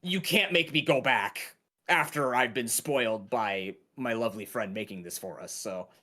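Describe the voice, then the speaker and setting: A man's voice: medium pitch, moderate pace, pushed and bright. A man in his thirties, chatting casually and rambling while he plays a game on stream. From Canada. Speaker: game runner. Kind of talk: casual commentary while playing.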